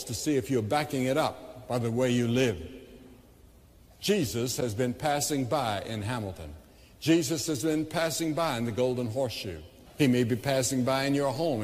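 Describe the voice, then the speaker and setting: Southern American preacher echoing through an arena. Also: male voice, mid-range voice, a little mellow. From United States. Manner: earnest storytelling, swelling to fervent pleas. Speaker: evangelist preacher. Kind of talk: crusade sermon. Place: large arena with long reverb. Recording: long echo of a large hall.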